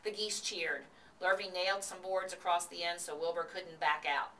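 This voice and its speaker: A woman reading a children's book aloud in a steady storytelling voice, recorded from a distance with faint hiss. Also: lowish voice, normal speed. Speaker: reader.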